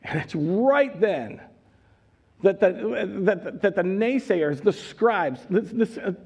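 A man preaching a sermon, animated and joking, acting out characters as he goes. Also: high-pitched, slow pace, gravelly, slightly rough. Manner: animated, acts out voices, jokes. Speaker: pastor.

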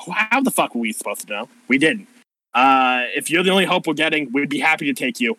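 A man voicing a brash warrior woman who swears constantly and barks orders fast. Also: on the high side, lively intonation, sharp tone, no echo, low-quality recording. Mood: frantic, bossy. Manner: profane, rapid-fire, exasperated.

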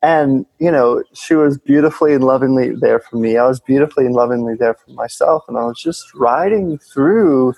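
A man with a husky, slightly rough voice talks with animated earnestness about emotions and relationships. The sound is dry and close. He swears now and then in relaxed conversation. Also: mid-range voice, normal speed, hardly any pauses, no room sound, rough recording. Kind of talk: casual spiritual conversation.

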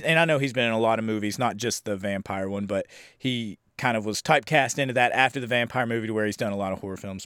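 A young man casually reviewing an old horror film, rambling, sarcastic and profane, acting out scenes in quick voices. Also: medium pitch, dry recording, clean studio sound.

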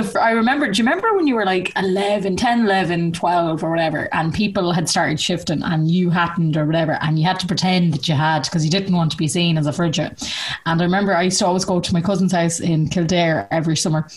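A woman's voice: lowish voice, fast. Irish woman, young adult, casual chat, storyteller, laughs a lot, acts out voices.

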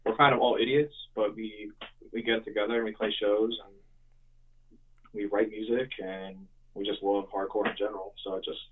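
A man's voice: on the low side, fairly even intonation, normal speed, husky. A young man, a musician, telling stories casually with lots of fillers and swearing. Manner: rambling, swears freely, many fillers. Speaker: guest, hardcore band musician. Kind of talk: casual storytelling. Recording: tinny phone-like line.

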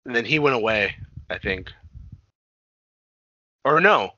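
Young man, casual rambling chat, bright tense voice, dull recording. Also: medium pitch, animated, slow pace, no room sound. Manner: rambling, profane, laughing, acts out quotes. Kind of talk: casual chat recapping a show. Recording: dull dry lo-fi audio.

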